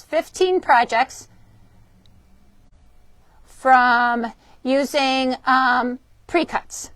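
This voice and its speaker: A woman with a high, bright-pitched voice hosts a casual shop demo, chatty and upbeat, stumbling over words now and then. The sound is dry and close, with no room echo. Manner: chatty, upbeat, frequent ums and self-corrections. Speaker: shop host presenting fabrics and books. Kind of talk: casual product demo for a live stream. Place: indoors in a fabric shop.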